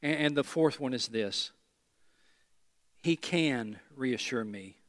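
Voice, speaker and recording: A man preaching a sermon, swinging between loud emphatic lines and hushed low ones, repeating phrases as he talks straight to the congregation. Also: lively intonation, slow. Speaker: pastor.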